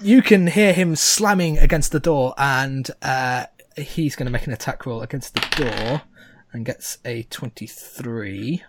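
A man's voice: mid-range voice, a little slow, a little hiss or hum. A man narrating a tabletop game as game master, chatty and full of hesitant fillers.

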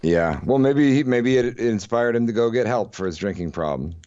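A man's voice: medium pitch, expressive, a little fast, a little mellow, no echo, lo-fi sound. A man co-hosting a podcast, reading odd news stories with wry, sarcastic asides. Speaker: podcast co-host.

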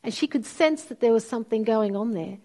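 Expressive woman preaching. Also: on the high side, a little fast. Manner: storytelling, expressive, acts out quoted voices. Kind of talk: sermon.

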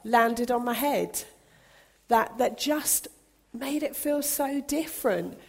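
A young woman giving a church talk, reading a storybook Bible aloud with dramatic, expressive emphasis. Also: fairly high pitch, slow pace, gravelly. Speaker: speaker reading to a congregation.

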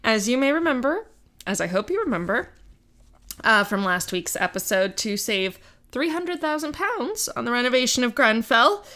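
A woman hosting a podcast, retelling events in a casual, conversational way and acting out quotes with lively asides. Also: on the high side, normal speed. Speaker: podcast host.

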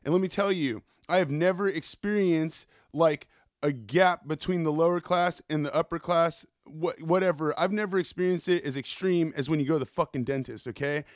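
A man hosts his own podcast, spinning loose, cussing stories in an easygoing monologue. His voice sits a little high. The sound is dry and close, with no room around it. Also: moderate pace, dry recording. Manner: profane, rambling storyteller. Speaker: podcast host. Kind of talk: casual solo podcast monologue.

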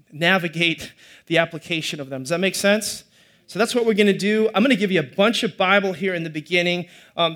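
A man's voice: sits high, fairly bright tone. A middle-aged man, preaching a sermon to a live congregation in a conversational way with joking asides. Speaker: pastor.

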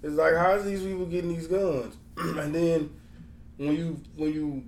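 A man's voice: fairly high pitch, steady tone, a little slow, darkish tone. Blunt man with roomy echo. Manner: blunt, profane, rambling with restarts. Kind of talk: casual chat. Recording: roomy echo, faint background noise.

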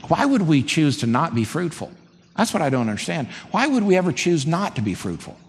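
A man preaching a sermon as a pastor, conversational and animated. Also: on the high side, brisk, breathy edge. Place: church sanctuary. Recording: long hall reverb, faint background noise.

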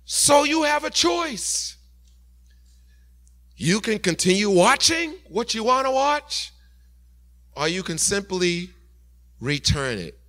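A man voicing the Holy Spirit as a gentle male divine voice during a sermon story, asking slow, reproving questions. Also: high voice, big pitch swings, pitched above the performer's own voice, heavily acted. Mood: gently probing.

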